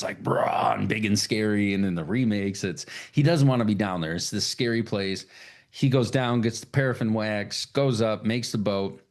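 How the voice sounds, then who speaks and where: A man hosting a casual podcast chat, animated and swearing freely, acting out lines in high put-on voices. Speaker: podcast host.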